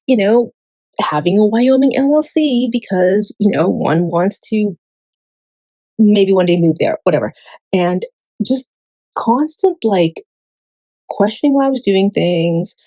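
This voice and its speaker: A woman's voice: medium pitch, dark tone, no echo, low-quality recording. A woman vlogger talking in a casual, rambling monologue, full of fillers and freely swearing. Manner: filler-heavy, digressive.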